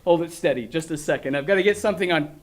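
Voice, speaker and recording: A man's voice: a little high, fast talker. Patient straight-man ventriloquist. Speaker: ventriloquist performer. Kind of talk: comedy puppet routine with a studio audience.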